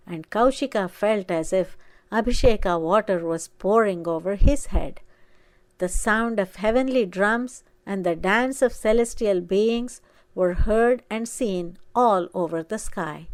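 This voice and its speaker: Slow, earnest woman storyteller. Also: medium pitch, no echo. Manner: measured, earnest reading. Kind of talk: scripted story narration.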